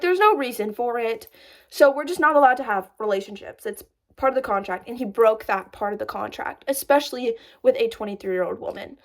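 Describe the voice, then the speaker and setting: Young woman, twenties, high bright voice, breathless and animated storytime vlogger, filler-heavy. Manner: breathless, animated, lots of "like", laughs while telling. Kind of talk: casual storytime vlog.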